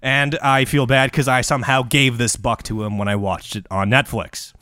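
A man's voice: medium pitch, flat delivery, moderate pace, sharp tone, no room sound, clean studio sound. A man co-hosting a comedy podcast, ranting with sweary, confident asides. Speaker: podcast co-host. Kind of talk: casual comedy podcast chat.

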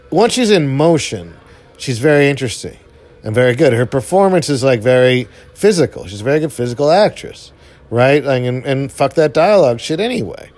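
A young man giving casual, rambling movie commentary while watching, full of fillers and offhand swearing, his voice jumping up when excited. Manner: enthusiastic, pitch jumps up when excited. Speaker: film commentator.

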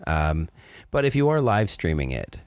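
A man's voice: a bass voice, very animated, moderate pace, darkish tone, clean tone, no echo. A man co-hosting a podcast in casual chat, rambling and restarting his sentences in a playful way. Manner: rambling, self-correcting, playful. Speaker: podcast co-host.

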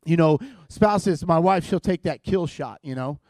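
A man's voice: fairly high pitch, unhurried, darkish tone, no echo. A man preaching as a guest in church, opening with playful, teasing, self-mocking humor to a live congregation.

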